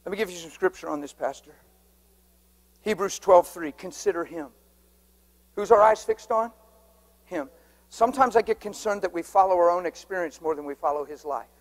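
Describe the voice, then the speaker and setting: A man's voice: high voice, a little fast. A man preaching a sermon to a congregation, telling stories, joking and asking the crowd questions. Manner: lively storytelling with audience banter. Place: church hall before a congregation.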